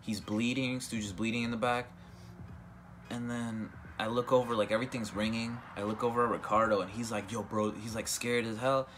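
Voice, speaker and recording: A man's voice: mid-range voice, level tone, a little fast, a bit bright, slight background noise. A young man telling a casual storytime vlog, rambling with many fillers and restarts. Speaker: vlogger.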